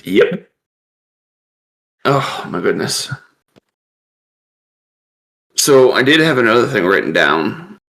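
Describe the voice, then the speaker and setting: A man's voice: mid-range voice, very animated, takes it slowly, vocal fry, pauses often, a bit bright. A man co-hosting a podcast, telling rambling stories in casual chat and laughing often as he talks. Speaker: podcast co-host.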